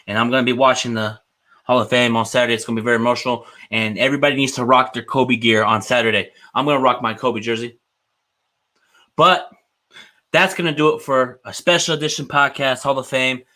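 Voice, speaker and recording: A man's voice: mid-range voice, pushed and bright. Earnest hyped young man hosting. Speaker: podcast host. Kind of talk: casual solo sports podcast.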